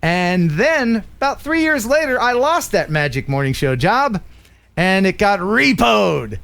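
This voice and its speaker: A middle-aged man hosting a live stream, telling stories in a joking, animated way. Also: high voice, unhurried, creaky. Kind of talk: casual live-stream chat.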